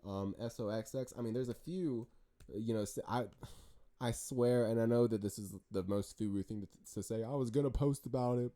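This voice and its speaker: A man giving casual market commentary over charts, animated and talkative, with frequent restarts and jokes. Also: on the low side. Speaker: stock market chart analyst.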